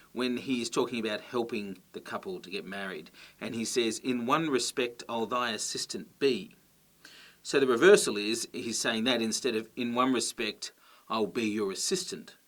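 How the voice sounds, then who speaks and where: A man teaching a grammar lesson, explaining clearly and patiently and checking in with his listeners. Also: medium pitch, moderate pace, fairly bright tone.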